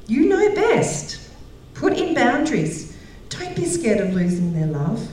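A woman's voice: fairly high pitch, sing-song, a little slow, darkish tone, a little hiss or hum. Middle-aged woman preaching in an echoey hall. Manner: storytelling, laughs often, acts out quoted voices. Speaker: women's conference speaker. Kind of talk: sermon. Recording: very echoey hall, voice heard from a distance.

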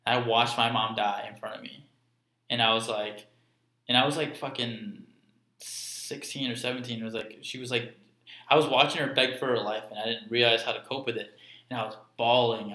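A man's voice: medium pitch, steady tone, a little fast, sharp tone. A young man sharing an emotional personal story in earnest, profane casual chat. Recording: echoey room.

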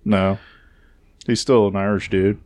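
A man's voice: fairly low pitch, fairly even intonation, measured pace, a little mellow, no room sound. A man in casual chat about wrestling, laid back and full of fillers as he recaps the week's news.

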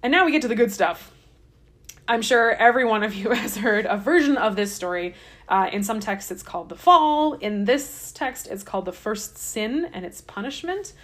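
A woman's voice: a little high, lively intonation, moderate pace, a bit bright. A woman hosting a podcast, retelling scripture in a chatty, irreverent way with wry asides. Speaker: podcast host. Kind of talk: casual comic scripture retelling.

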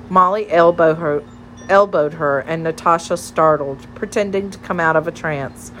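A woman narrating a children's story in a gentle, measured reading. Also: low-pitched, slight background noise. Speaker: audiobook narrator.

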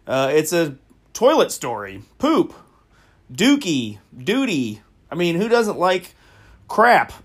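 A man hosting a comedy podcast, telling a crude story casually, with lots of fillers and frequent laughter. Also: a little high. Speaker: podcast host.

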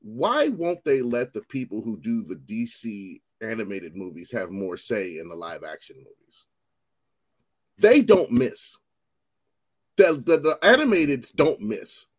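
A man co-hosting a podcast in casual chat, animated and profane, rambling with restarts. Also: medium pitch. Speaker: podcast co-host.

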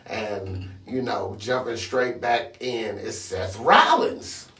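A man's voice: fairly low pitch, slow, pushed and bright, distant mic. A man co-hosting a podcast, chatting casually about wrestling in a slangy, laid-back way. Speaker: podcast co-host. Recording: echoey room, voice from off-mic.

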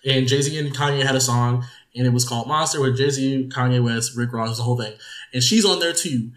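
A young man co-hosting a podcast in casual chat, telling animated stories and swearing freely. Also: mid-range voice, fairly quick, echoey room. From Detroit. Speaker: podcast co-host.

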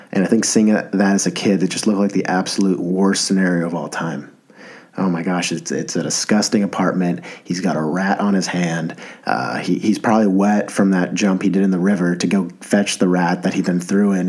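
A man in his thirties hosts a podcast in a deep, slightly mellow, husky voice. His casual monologue rambles along in an enthusiastic, self-deprecating way.

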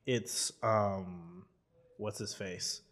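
A young man co-hosting a movie podcast, talking excitedly and rambling, laughing often. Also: fairly low pitch, extremely slow. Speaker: podcast co-host. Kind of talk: casual chat about movies.

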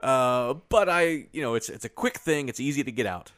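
A man with a bright, forward voice jokes and rambles through a relaxed podcast chat. His pitch moves around a lot, and the sound is dry and close. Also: dry recording. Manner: joking, rambling, quick to laugh. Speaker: podcast co-host. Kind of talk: casual chat.

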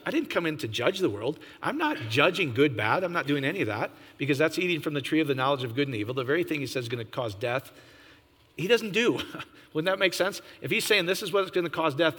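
A man preaching an informal sermon, animated, often jumping to a high, excited pitch and asking his listeners questions. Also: slightly rough, big-room sound. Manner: animated, jumps to high excited pitch, laughs, asks the audience.

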